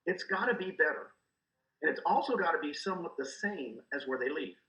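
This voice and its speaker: A middle-aged man giving energetic coaching talk as a guest, acting out quoted dialogue as he goes. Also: fairly high pitch, a little fast, roomy sound, low-quality recording. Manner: animated, acts out quoted dialogue. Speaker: guest, real estate recruiter.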